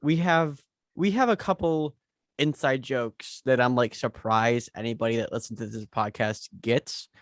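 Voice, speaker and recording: A man's voice: medium pitch, a little slow, no echo. Joking man, dry close sound. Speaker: podcast co-host. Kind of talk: casual chat.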